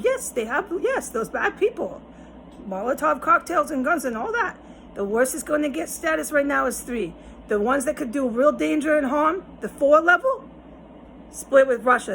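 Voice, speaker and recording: A woman's voice: a little high, slight background noise, rough recording. A woman talking straight to her viewers in a rambling, emphatic monologue, swearing often and lecturing them. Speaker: vlogger. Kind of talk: direct-to-camera monologue.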